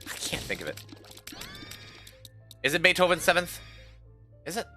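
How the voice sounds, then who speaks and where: A man's voice: a little high, sing-song, normal speed, sharp tone. A sleep-deprived man streaming and chatting casually with his viewers, rambling and repeating words. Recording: music playing behind the voice. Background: game music.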